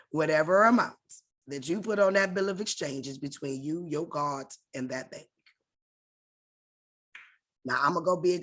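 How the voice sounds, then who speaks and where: A woman with a fairly low voice runs an online class over a video call. She explains things in a casual, direct and conversational way and talks to her listeners as y'all. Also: a bit bright. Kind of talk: casual instructional talk.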